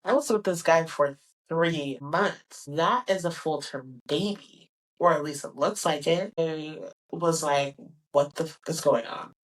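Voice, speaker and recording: A young woman in her twenties hosting a podcast, telling a personal story in a candid, animated way and acting out the dialogue. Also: deep voice, recorded from a distance, rough recording. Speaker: podcast host.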